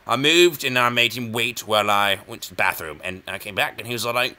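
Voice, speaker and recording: A young man giving rambling, self-mocking chess commentary, jokey and erratic, with sudden loud outbursts. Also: medium pitch, lively intonation, normal speed, hardly any pauses.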